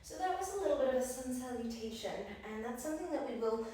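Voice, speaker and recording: A woman's voice: sits high, expressive, fast talker, warm tone, slight background noise. A young woman leading a guided yoga class, cueing breaths and poses in an encouraging way, a little out of breath. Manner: encouraging cues, breath counting. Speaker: yoga instructor. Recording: echoey room, voice from far off.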